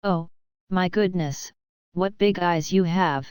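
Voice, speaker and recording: A woman's voice: lowish voice, slow, a little mellow, clear, resonant tone, no echo. A woman reading a trusting little girl. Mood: innocent.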